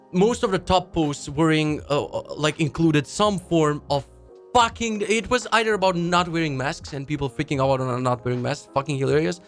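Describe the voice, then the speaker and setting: A man's voice: fairly high pitch, soft background music. A man hosting a web development podcast, ranting casually and swearing a lot, often restarting his sentences. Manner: swears a lot, restarts sentences, mocks people in quick put-on asides. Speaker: podcast host. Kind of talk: casual profane rant.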